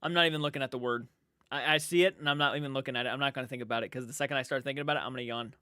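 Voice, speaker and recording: A man's voice: mid-range voice, steady tone, rapid-fire, sharp tone, dry recording, clean studio sound. A young man hosting a casual late-night livestream, reading chat aloud in a sleepy, yawning, rambling way with restarts. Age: young adult.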